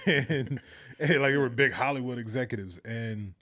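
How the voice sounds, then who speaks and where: A man talking casually in an interview, telling lively anecdotes, acting out the voices of the people in them and laughing often. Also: mid-range voice, moderate pace. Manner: animated storyteller, acts out quoted voices, laughs often. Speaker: filmmaker guest.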